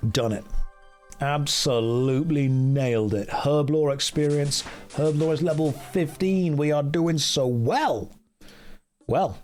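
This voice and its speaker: A man chatting on a casual gameplay livestream, joking and rambling as he reads game text aloud. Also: a little high. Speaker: streamer.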